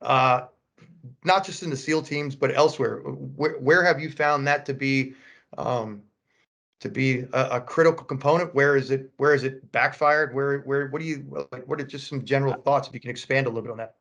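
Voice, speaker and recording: Halting male podcast host. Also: medium pitch, steady tone, creaky, a bit bright. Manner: halting, many restarts and fillers while framing questions. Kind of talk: conversational interview.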